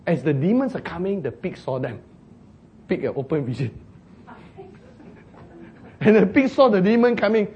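A man preaching a sermon, telling a story with jokes, acted shouts and laughter. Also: sits high, big pitch swings, a little slow, long pauses, lo-fi sound, a little hiss or hum.

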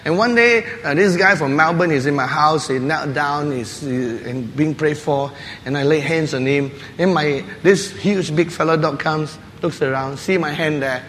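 Male pastor, animated and laughing storyteller, bright voice in a reverberant church hall. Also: fairly high pitch, moderate pace, hardly any pauses, a little hiss or hum. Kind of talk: sermon. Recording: long hall reverb with faint ambience.

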